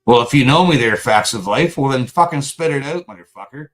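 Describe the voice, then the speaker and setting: A man's voice: mid-range voice, lively intonation, fairly quick. Male livestream host, combative and profane, sarcastic edge. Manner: angry, profane, confrontational. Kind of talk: live stream chat rant.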